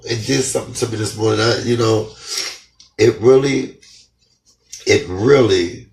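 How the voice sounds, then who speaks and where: A middle-aged man speaking fervently in an emotional testimony vlog, a little hoarse from shouting and crying with joy, talking in his house. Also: deep voice. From United States. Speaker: comedian vlogger. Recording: echoey room, off-mic.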